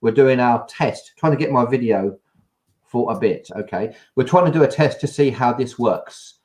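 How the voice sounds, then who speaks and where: A man's voice: mid-range voice, normal speed, a little mellow. Jokey English man chatting on a video call. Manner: chatty, jokey, laughs often. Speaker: show host. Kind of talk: casual live-stream chat.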